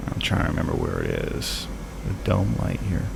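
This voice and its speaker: A man's voice: low-pitched, wildly swooping pitch, moderate pace, vocal fry, heavy background noise. A man streaming a flight simulator, thinking aloud in casual, rambling commentary.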